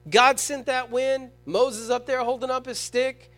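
Male preacher, high voice; sermon delivery that jumps between loud stressed words and soft, slow scripture reading, with frequent rhetorical questions. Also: steady tone, soft background music. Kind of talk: sermon to a congregation.

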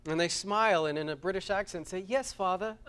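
A man delivers a sermon at a church service in a slightly high voice. He speaks with earnest conviction, doubling back on his words. He climbs to loud, urgent peaks, then drops to a hushed, close tone. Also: quick pace, a little hiss or hum. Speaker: pastor.

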